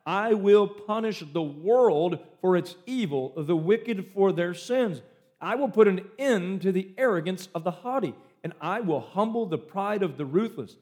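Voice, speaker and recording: High-voiced male preacher, emphatic. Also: expressive, unhurried. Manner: emphatic preaching with dramatic shifts in pace and loudness. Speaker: pastor. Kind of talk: sermon.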